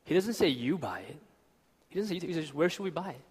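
A man's voice: fairly high pitch, animated, fairly quick, slightly rough. A young man preaching a sermon in a church, casual and conversational, often asking "right?". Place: church hall. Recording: reverberant church hall.

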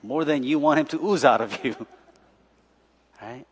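A pastor in his forties preaches in a church, turning his sermon into chatty stories, often laughing and asking "right?". His voice is husky and medium-pitched, unhurried, and the church hall sounds echoey.

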